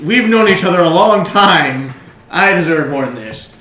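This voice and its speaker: Guy putting on a boastful half-ogre captive, raised and loud, roomy sound. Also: on the high side, expressive, moderate pace, pitched above the performer's own voice. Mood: cocky. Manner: boastful, taunting. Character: cocky wounded male half-ogre captive. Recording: echoey room with music behind.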